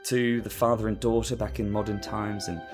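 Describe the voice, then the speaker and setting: A man's voice: fairly low pitch, little pitch movement, fairly quick, over music. A man casually recapping a story as host, rambling with lots of fillers and laughing at himself. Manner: rambling, with many fillers and restarts, and amused.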